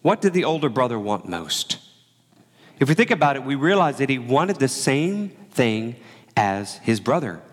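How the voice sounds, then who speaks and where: A man preaching a sermon in a relaxed, conversational way, acting out the quoted lines as he tells the story. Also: mid-range voice, normal speed, big-room sound. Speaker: pastor.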